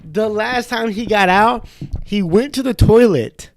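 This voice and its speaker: A man's voice: high voice, measured pace. A man co-hosting a podcast in casual chat, telling loose, profane stories and slipping into put-on voices. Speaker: podcast co-host. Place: home studio.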